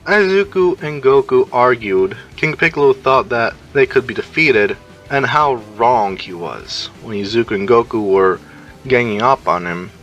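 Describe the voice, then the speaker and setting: Guy narrating a fan fiction story, bright forceful voice, faint music behind. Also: medium pitch, lively intonation, moderate pace, highs cut off. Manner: storytelling, recounting action.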